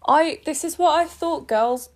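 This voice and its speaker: A woman's voice: sits high, measured pace. A woman in her twenties reading her old fan fiction aloud and commenting on it, laughing and mocking herself. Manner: giggly, self-mocking, cringing. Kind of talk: embarrassed read-aloud commentary. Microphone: earphone listeners, close mic.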